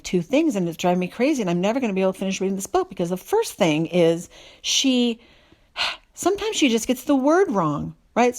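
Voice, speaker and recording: A woman telling a casual story with exasperated, self-mocking energy, her voice jumping up and down as she vents. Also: mid-range voice. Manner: animated, exasperated, self-deprecating.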